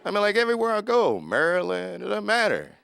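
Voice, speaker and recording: Gravelly forties comedian, very lively pitch. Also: male voice, fast talker. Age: 40s. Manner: lively storytelling with acted-out voices. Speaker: stand-up comedian. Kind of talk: stand-up comedy set.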